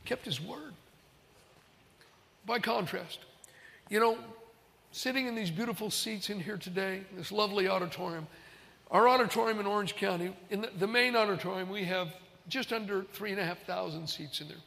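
A man's voice: high-pitched, normal speed, vocal fry, a bit bright, in a large hall. A man preaching a sermon as a pastor, telling stories in an easygoing, conversational way in a large auditorium.

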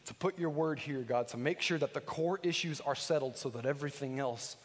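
A man's voice: mid-range voice, a little fast, long reverb tail. A man preaching a sermon as a pastor, earnest and conversational, often putting direct questions to the congregation.

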